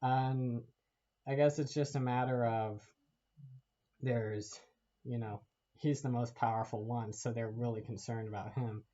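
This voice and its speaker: A man's voice: medium pitch, steady tone, unhurried, dark tone, highs cut off. A man giving a casual, rambling movie rant to camera, laughing often and swearing as he talks. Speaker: vlogger.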